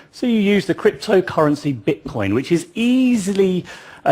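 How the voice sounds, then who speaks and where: Lively, husky-voiced male speaker. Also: on the high side. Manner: lively storytelling with wry asides. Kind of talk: public talk.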